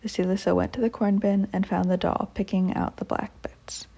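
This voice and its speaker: Gravelly, husky woman telling a folk tale. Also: medium pitch, little pitch movement, moderate pace, warm tone. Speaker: storyteller. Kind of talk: reading a folk tale aloud.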